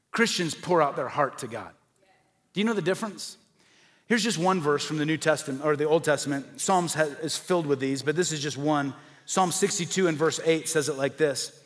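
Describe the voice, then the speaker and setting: A man's voice: fairly high pitch, a bit bright. A man preaching a sermon as pastor, earnest and building to passionate emphasis. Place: church sanctuary. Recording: long hall reverb.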